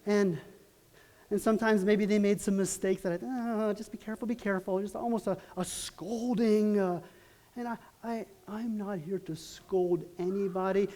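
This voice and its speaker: A middle-aged man preaching a sermon as pastor, telling stories in an earnest, halting way with many restarts. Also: high-pitched, fairly even intonation, warm tone.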